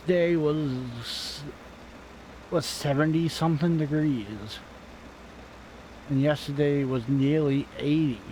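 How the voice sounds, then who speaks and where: A man's voice: a little high, slow, long pauses, dark tone, slight background noise, poor audio. A man giving casual, rambling commentary over a farming game, offhand and self-deprecating, swearing now and then. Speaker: gaming channel host. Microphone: desk microphone at home.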